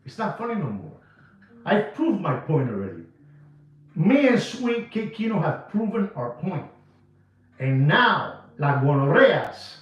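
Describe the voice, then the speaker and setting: A man from New York giving a watch market rant to camera in emphatic, repetitive, slangy sales patter. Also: on the high side. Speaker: watch dealer. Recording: echoey, distant, dull sound with music.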